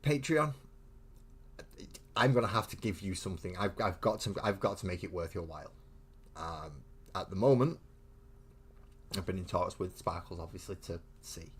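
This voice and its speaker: A man's voice: low voice, animated, moderate pace, pauses often, slightly rough. A man hosting a live miniature-painting stream, chatting casually and thinking aloud with frequent restarts, in a home hobby room.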